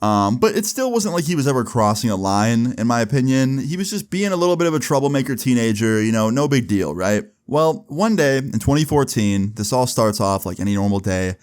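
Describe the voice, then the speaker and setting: A man's voice: medium pitch, brisk, few pauses. A young man in his twenties casually narrating a storytime with lots of fillers and "right?" check-ins. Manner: relaxed, filler-heavy, keeps checking in with "right?". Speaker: YouTuber telling a story.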